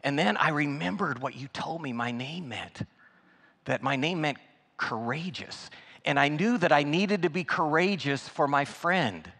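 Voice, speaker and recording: A man's voice: a little high, animated, a little slow, fairly bright tone. A man preaching as a guest speaker, telling personal stories in a folksy, conversational way with frequent restarts. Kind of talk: sermon storytelling. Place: church sanctuary. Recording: reverberant church hall.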